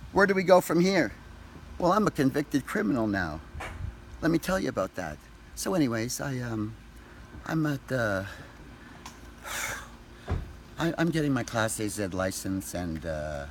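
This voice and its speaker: A man ranting angrily to camera, profane and accusatory, shouting at times. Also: medium pitch, animated, a little slow, a little hiss or hum. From Canada. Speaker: vlogger. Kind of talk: angry direct-to-camera rant.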